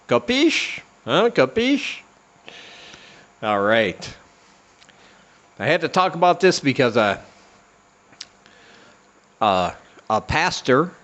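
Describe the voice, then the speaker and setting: A man's voice: medium pitch, dull audio. A man hosting a comedy podcast, talking in a sarcastic, rambling way with lots of fillers. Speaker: podcast host. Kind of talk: casual comedic rant.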